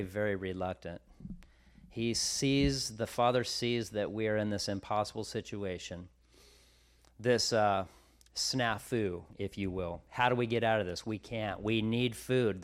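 A man's voice: fairly low pitch, a little slow. A man preaching a sermon, reading scripture and retelling it in casual everyday slang.

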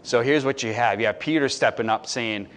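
A man preaching as a pastor, casual and conversational, moving between soft asides and loud, emphatic points. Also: mid-range voice, fairly quick. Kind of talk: sermon.

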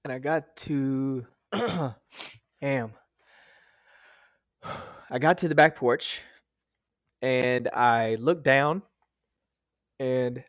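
A man in his thirties tells a raw personal story in a casual podcast chat, swearing freely and restarting his sentences as the memory comes back. His voice sits at a medium pitch and sounds dry and close, with little room around it. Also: no room sound. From United States. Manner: emotional, profane, many fillers and restarts. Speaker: podcast guest.

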